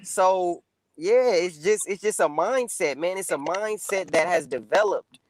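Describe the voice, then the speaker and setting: A man's voice: high-pitched, lively intonation, measured pace, crowd noise, low-quality recording. A man speaking as a guest in a casual political discussion, loose and conversational with lots of fillers.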